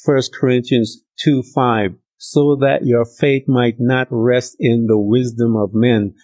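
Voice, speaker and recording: A man with a husky, slightly breathy voice delivers a relaxed, storytelling sermon. He speaks in a conversational, slangy way, repeating himself often. He leaps up in pitch to act out the people in each story. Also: takes it slowly, low-quality recording. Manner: animated, acts out the characters' lines with big pitch jumps. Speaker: preacher.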